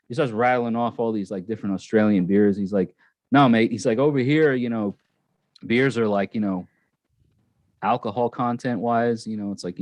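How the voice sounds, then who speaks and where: A man's voice: lowish voice, a little mellow, no echo. A man hosting a casual live stream, telling a long rambling story with many restarts and fillers. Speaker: channel host.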